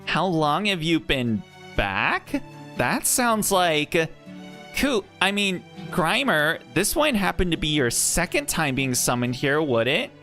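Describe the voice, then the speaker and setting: A man's voice: a little high, big pitch swings, slow, pushed and bright, soft background music, voice pushed up, heavily acted. A man reading a game aloud and voicing an earnest, curious young woman companion with a questioning lilt.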